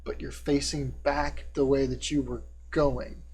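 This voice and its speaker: Guy game master narrating a spooky scene, steady mid voice, little hum behind. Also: mid-range voice. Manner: descriptive, measured narration with fillers.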